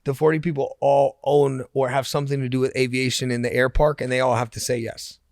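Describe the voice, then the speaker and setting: A man telling a story as a podcast guest, animated and sometimes stumbling over words, on a studio microphone. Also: mid-range voice, brisk, no echo. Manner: animated, repeats words while recalling. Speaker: interview guest, entrepreneur. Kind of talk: casual storytelling.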